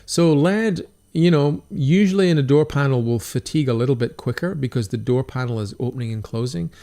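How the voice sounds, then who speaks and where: Gravelly Scottish man, chatty livestream host. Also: medium pitch, brisk, dark tone. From Scotland. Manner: chatty, encouraging, reads viewer comments aloud. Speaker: stained glass artist hosting a livestream. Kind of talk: casual livestream chat.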